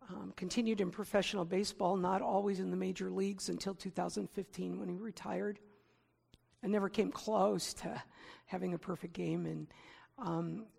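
A woman giving a sermon in a conversational, self-deprecating way, getting animated when she gives examples. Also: mid-range voice, creaky, slightly rough, big-room sound. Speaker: preacher.

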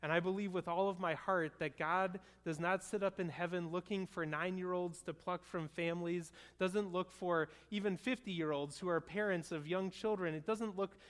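Earnest pastor with a higher voice. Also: male voice, steady tone, moderate pace, hardly any pauses, a bit bright. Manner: earnest, conversational storytelling. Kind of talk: sermon. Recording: long hall reverb.

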